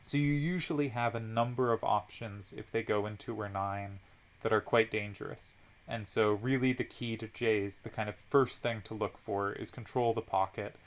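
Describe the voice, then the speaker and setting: A man's voice: fairly low pitch, steady tone, moderate pace. A man commentating a card game tournament, analyzing each move step by step with frequent ums.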